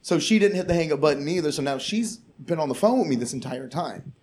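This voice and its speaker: A man's voice: a little high, fast. A man who works as a comedian, telling a long story in casual, profane, rambling podcast chat. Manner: profane, rambling, animated retelling.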